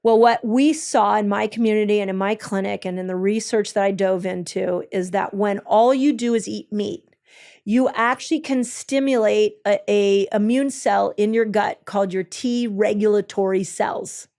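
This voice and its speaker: A woman's voice: mid-range voice, steady tone, normal speed, creaky, darkish tone. A woman, a health expert with her own clinic, explaining her ideas in an eager, conversational way, stepping through each point with frequent ums and restarts. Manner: enthusiastic, explains step by step, many ums and restarts.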